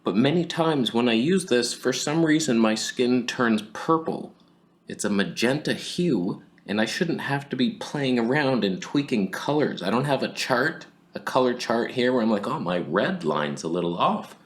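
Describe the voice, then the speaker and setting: A man's voice: mid-range voice, animated, moderate pace. A man giving a sarcastic, comedic camera review, swinging between whispers and outbursts.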